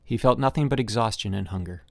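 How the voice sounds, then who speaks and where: A man narrating a classic short story as an audiobook narrator, measured and even. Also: fairly low pitch, creaky, dry recording, clean studio sound. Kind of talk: scripted narration.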